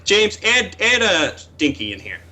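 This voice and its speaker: A man with a very high, bright and sharp voice that swings widely in pitch. He argues hotly and profanely, cutting in over the other speakers. Heard as talk on an online call. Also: wildly swooping pitch, a little slow. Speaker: guest in a gaming argument. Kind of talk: heated online call argument.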